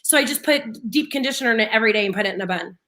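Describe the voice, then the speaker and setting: Woman, young adult, radio co-host, animated storyteller, laughs a lot, high and bright. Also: very fast, slight background noise. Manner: animated, laughs often, slips into quoted voices. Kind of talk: casual morning-show storytelling.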